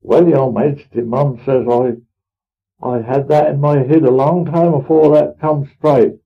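A man's voice: medium pitch, fairly even intonation, measured pace, vocal fry, breathy edge. A man playing an elderly, pious farmer with a rural Norfolk dialect, telling his tale in a homely, earnest, rambling way. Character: elderly pious rustic farmer, plain-spoken. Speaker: storyteller in character. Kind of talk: dramatic monologue reading. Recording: tinny phone-like old recording.

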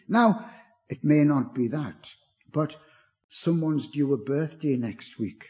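Gentle older preacher, lively pitch. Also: male voice, measured pace. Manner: earnest and gentle, rising with emphasis then dropping low. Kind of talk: sermon. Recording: dull lo-fi recording.

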